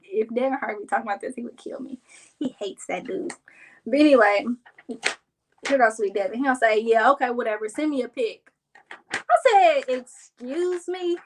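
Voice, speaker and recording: A young woman from Kansas City chatting casually to her viewers, telling a story and acting out her friends' lines in a higher voice. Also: a little hiss or hum, poor audio. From Kansas City, Missouri. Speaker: vlogger. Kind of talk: casual storytelling while crafting.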